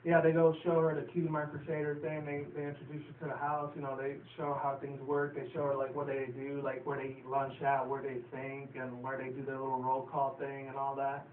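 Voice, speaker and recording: A man's voice: medium pitch, completely flat delivery, a little fast, few pauses. Chatty, profane man on a tinny, echoey mic. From New York City. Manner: profane, filler-heavy, chatty. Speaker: show reviewer. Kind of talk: casual rambling recap. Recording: tinny, roomy, distant, faint hiss.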